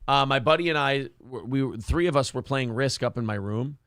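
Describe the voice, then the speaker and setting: Gravelly-voiced man hosting crude chat. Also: mid-range voice, fairly quick, a bit bright, no room sound, studio quality. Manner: crude, joking, self-mocking. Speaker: morning show host reading live chat. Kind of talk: casual profane chat.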